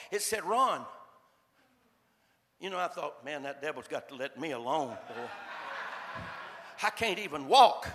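An older man with a drawl tells a sermon story in a folksy, repetitive way, stumbling over his restarts. His voice sits high and bright with a gravelly edge. It echoes with a long reverb, as if he were in a large church hall. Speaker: preacher.

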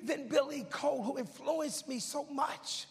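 A man preaching a sermon as he tells a story, swinging from hushed whispers to loud shouting, with a loud, goofy manner. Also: very high-pitched, a little slow, vocal fry. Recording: long hall reverb with faint music.

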